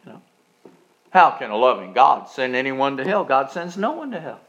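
A male pastor preaching a sermon, swinging from soft, low passages up to loud, high-pitched climaxes. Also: very animated, normal speed. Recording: dull lo-fi recording.

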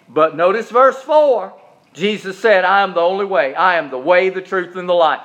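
A man preaching a sermon as pastor, shifting from loud, raised preaching to low, quiet storytelling. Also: moderate pace. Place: church.

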